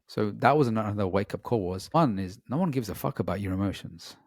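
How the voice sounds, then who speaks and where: A man's voice: on the low side, expressive, fairly quick, creaky, darkish tone, no echo, studio quality. A man, a coach being interviewed, telling a personal story in an earnest, reflective way with many "you know" fillers.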